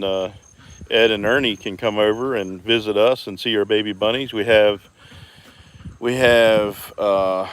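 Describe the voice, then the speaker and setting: A man with a lowish voice gives a relaxed, rambling walkaround of his homestead, greeting viewers by name as he goes. He talks into a phone while walking outdoors, with crickets and insects buzzing behind him. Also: slight background noise. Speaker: homestead vlogger. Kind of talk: casual live-stream walkaround.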